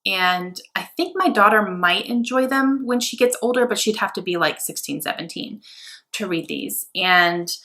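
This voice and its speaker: A young adult woman chatting casually and excitably about her books, with many fillers. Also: mid-range voice, moderate pace. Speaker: book vlogger. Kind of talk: casual book haul chat.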